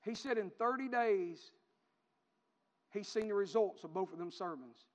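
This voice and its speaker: A man's voice: sits high, moderate pace. A man preaching a sermon as a pastor, telling stories with fervent repetition. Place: church sanctuary. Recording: dull lo-fi recording with long church reverb.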